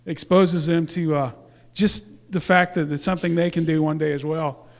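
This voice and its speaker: A man's voice: on the high side, little pitch movement, moderate pace. A man speaking casually to a church congregation, presenting youth awards in a rambling way with fillers and self-corrections.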